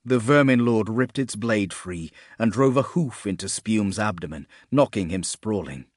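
A man reading fantasy fiction aloud in a steady, measured narration. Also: lowish voice, no room sound, studio quality. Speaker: audiobook narrator.

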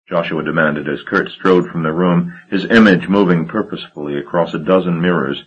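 A man reading a gothic novel aloud as an audiobook narrator, in a measured, dramatic storytelling manner. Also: low-pitched, steady tone, husky, highs cut off. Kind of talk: scripted narration.

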